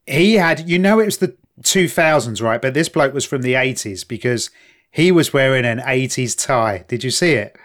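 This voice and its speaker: A man's voice: mid-range voice, animated, normal speed, a bit bright. A man in casual podcast banter, blunt and crude with jokey asides. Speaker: podcast co-host. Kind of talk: casual chat.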